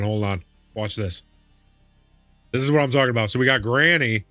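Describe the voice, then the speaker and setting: A man live streaming a game, chatting casually and reacting excitably, laughing and swearing as he goes. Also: mid-range voice, normal speed, pauses often, no echo, faint music behind. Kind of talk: casual chat while gaming.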